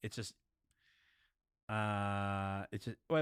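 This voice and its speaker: A man's voice: fairly low pitch, moderate pace, fairly bright tone, no room sound, clean studio sound. A young man from chatting casually with his stream viewers, rambling and laid-back, often calling them dude and bro.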